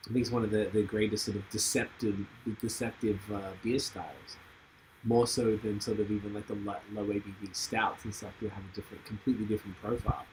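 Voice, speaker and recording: Male podcast host, lowish voice, easygoing rambler, faint background hiss. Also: flat delivery, quick pace. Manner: rambling and enthusiastic, thinks aloud. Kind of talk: casual podcast chat.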